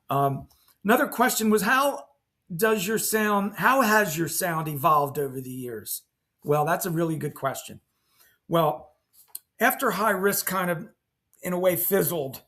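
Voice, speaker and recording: An older man, a band's guitarist, casually telling rambling, animated anecdotes with sound effects while seated indoors. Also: high-pitched. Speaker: band guitarist. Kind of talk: casual storytelling to camera.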